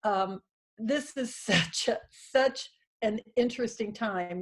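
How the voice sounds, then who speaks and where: A woman in her sixties gives a heartfelt, halting union speech over a video call from her small house, emotional and full of fillers. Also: fairly high pitch. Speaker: union president addressing a convention.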